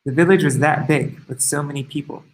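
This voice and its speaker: A man's voice: a little high, fairly even intonation, low-quality recording. Man reading a devotional story aloud. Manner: measured storytelling with brief asides and soft laughs. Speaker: reader of devotional stories.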